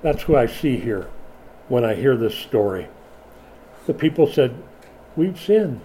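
A man preaching a sermon, dramatic and animated, dropping from loud emphasis to hushed lines and acting out voices. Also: medium pitch, a little slow, slight background noise. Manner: acts out biblical voices in quotes.

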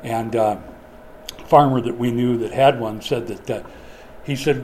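A man's voice: mid-range voice, steady tone, a little slow, pauses often, darkish tone, a little hiss or hum. An older man preaching a sermon in a folksy, storytelling way. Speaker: pastor.

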